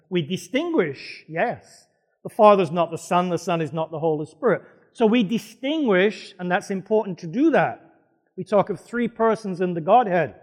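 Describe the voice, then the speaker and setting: Male pastor, emphatic sermon delivery, quizzes the congregation, fairly high voice. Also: big-room sound. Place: church hall before a congregation.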